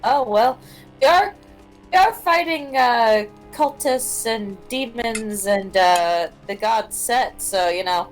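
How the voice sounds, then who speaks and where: A woman's voice: fairly high pitch, slow pace, faint music behind, low-quality recording. A woman narrating a tabletop game as game master, hesitant and full of fillers.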